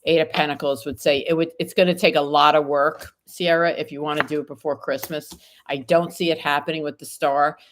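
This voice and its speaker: Here the woman talks a little fast in a low, steady tone, hardly pausing at all, with noise in the background. She is a tarot reader on a live stream who reads viewers' questions aloud and answers them card by card as she recovers from an illness.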